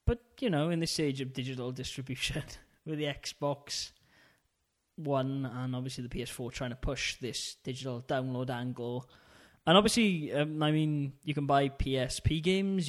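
A man chatting on a casual podcast. He rambles through his thoughts with ums and the odd laugh. His voice sits at an ordinary middle pitch. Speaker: podcast co-host. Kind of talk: casual chat.

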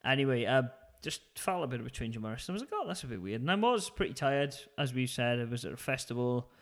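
A man's voice: medium pitch, expressive, fast talker. A man co-hosting a podcast, telling a long story in a chatty, self-mocking way. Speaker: podcast co-host. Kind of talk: casual chat.

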